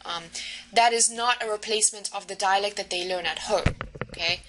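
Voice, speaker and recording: A woman's voice: medium pitch, moderate pace, noisy background. A woman lecturer explaining course material in a recorded lesson, with frequent fillers and checking questions. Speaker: university lecturer.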